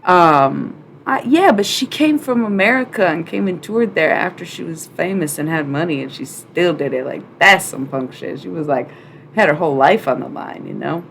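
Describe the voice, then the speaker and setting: A young woman streamer reads oracle cards live and chats loosely with her viewers. She talks in a slightly low voice, swears freely and leans on filler words. Her delivery jumps into loud, excited outbursts, and faint noise hums behind her. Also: normal speed, gravelly. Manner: chatty, profane, full of "like" fillers.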